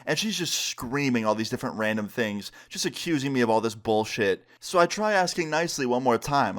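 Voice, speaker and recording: Animated man telling a story. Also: medium pitch, a little fast, few pauses. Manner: animated, swears freely. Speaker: vlogger. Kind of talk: storytime vlog.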